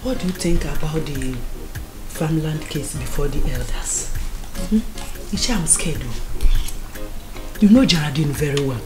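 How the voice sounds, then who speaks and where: An actress playing an anxious, pleading widow with a Nigerian accent in a film drama. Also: female voice, deep voice, animated, unhurried, pauses often. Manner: pleading, coaxing. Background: film score music.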